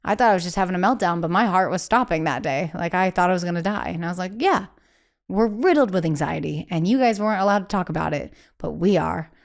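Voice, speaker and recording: A woman singer talking candidly as a guest in a casual interview, chatty and animated, acting out the voices of people she quotes and filling her speech with "like". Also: fairly low pitch, fast, creaky.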